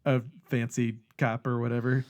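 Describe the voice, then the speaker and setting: A man co-hosting a podcast, chatting in a relaxed, rambling way and swearing casually. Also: medium pitch, normal speed. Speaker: podcast co-host. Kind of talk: casual chat about a horror film.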